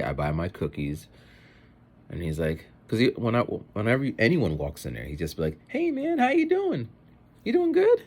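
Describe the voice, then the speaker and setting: A man with kids telling stories in a casual, rambling vlog monologue while he eats. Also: sits low. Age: adult with children. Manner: rambling, animated, mimics other people's voices in quotes. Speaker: vlogger. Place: home, eating a meal.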